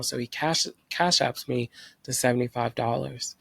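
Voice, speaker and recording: A man's voice: mid-range voice, steady tone, normal speed, vocal fry, a bit bright, husky. A young man from North Carolina telling a personal story as a vlogger, animatedly acting out his own past thoughts.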